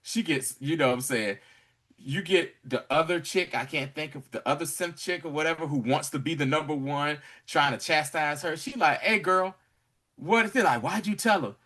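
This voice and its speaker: Laughing frequently, a male co-host of a casual podcast recaps an episode, performing characters' lines with animation. His voice is a little high and his pace normal.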